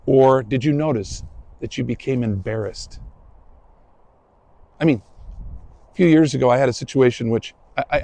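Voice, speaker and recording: Gravelly-voiced man preaching a sermon. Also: medium pitch, darkish tone, low-quality recording. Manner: conversational, self-deprecating storytelling. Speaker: pastor. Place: church sanctuary.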